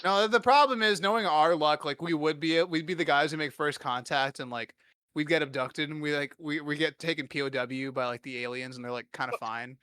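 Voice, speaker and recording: A young man chatting on a podcast in a crude, joking way, his voice sitting a little high for a man. He sounds close and dry, with no room around him. He drops into mocking voices as he riffs. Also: fairly quick, fairly bright tone, smooth, no echo. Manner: crude, joking, puts on voices mid-story. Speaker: podcast co-host. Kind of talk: casual chat.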